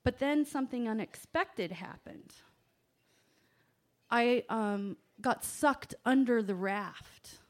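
A woman telling a personal story to an audience, animated, swinging from hushed asides to loud exclamations. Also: a little high, slow. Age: adult parent.

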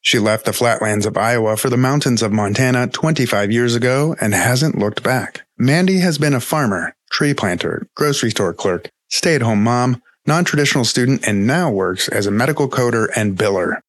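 A man hosting a podcast, reading a scripted introduction in a measured way. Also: mid-range voice, expressive, dry recording. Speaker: podcast host. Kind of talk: scripted narration.

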